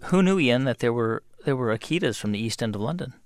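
A man's voice: mid-range voice, expressive, quick pace, clean tone, soft background music. A man hosting a radio show, asking questions in a curious, conversational way. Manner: inquisitive, conversational. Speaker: radio host. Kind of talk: radio interview and narration.

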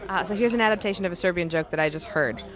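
A woman, a guest author, telling a joke and acting out the quoted lines in a higher, louder voice. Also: rapid-fire, a crowd in the background.

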